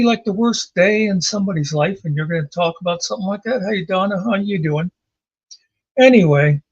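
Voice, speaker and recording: A man's voice: high voice, highs cut off. A man hosting his own commentary channel, recounting an online argument in a rambling, sarcastic, off-camera chat with some profanity. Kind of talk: casual recap commentary. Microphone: home mic, off camera.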